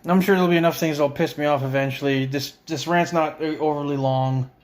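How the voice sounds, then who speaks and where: A man's voice: on the high side, steady tone, fairly quick. Foul-mouthed man ranting. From Canada. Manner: swearing, exasperated, sarcastic. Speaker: vlogger. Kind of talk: profane comedic rant. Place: a friend's house, indoors.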